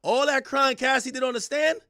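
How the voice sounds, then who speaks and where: A man streaming live reaction commentary in a loud, joking, profane rant. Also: very high voice, steady tone, moderate pace, dry recording, studio quality.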